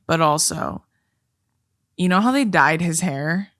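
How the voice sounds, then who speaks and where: A young woman co-hosting a podcast, gossiping in an animated way and swearing freely. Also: deep voice, unhurried, no room sound, studio quality. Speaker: podcast co-host. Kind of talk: casual chat.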